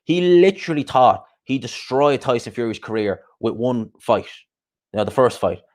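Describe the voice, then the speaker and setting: A man's voice: mid-range voice, lively intonation, moderate pace, a little mellow. A man hosting a boxing live stream, ranting bluntly and profanely with lots of rhetorical questions. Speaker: boxing podcast host. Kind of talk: casual live stream rant.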